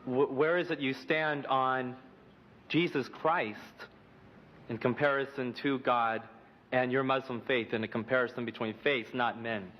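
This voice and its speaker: A man asking a debate speaker a question from the audience, halting and hesitant in his phrasing. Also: mid-range voice, fairly even intonation. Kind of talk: question from the floor. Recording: dull lo-fi audio with faint room noise.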